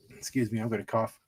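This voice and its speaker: A man's voice: lowish voice, darkish tone, breathy edge. A middle-aged man hosting a casual livestream, chatting and laughing at his own jokes while opening trading cards.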